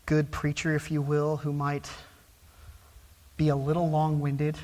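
A man preaching a sermon from the pulpit. His delivery rises to loud, emphatic stresses on key words and then drops back to low, quiet phrases. The pace slows for emphasis and speeds up for asides. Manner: emphatic preaching with wide swings from soft to loud. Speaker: pastor.

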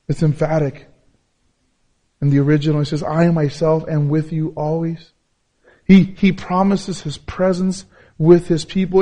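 A male pastor preaches a sermon at normal speed, repeating key phrases. He swings between loud, emphatic peaks and low, soft passages.

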